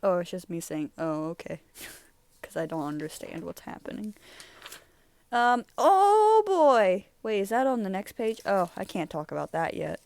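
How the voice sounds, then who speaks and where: Reviewing her own old artwork on YouTube, a young woman chats casually, giggling, rambling and drifting off topic. She speaks a little fast in a lowish, darkish voice with vocal fry, and there's no room sound.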